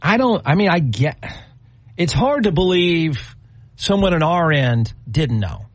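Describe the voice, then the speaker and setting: A man's voice: a little high, sing-song, measured pace, dry recording. A man co-hosting a radio talk show, chatting casually with a wry, incredulous manner and acting out little scenes. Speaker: radio co-host.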